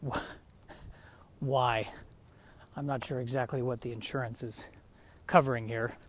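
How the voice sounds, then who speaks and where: A man talks on his own as a podcast host while walking down a street outside, sounding a little winded. He rambles in a wry, self-deprecating way, with faint noise behind him. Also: mid-range voice. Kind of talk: casual solo monologue. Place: outdoors on a residential street.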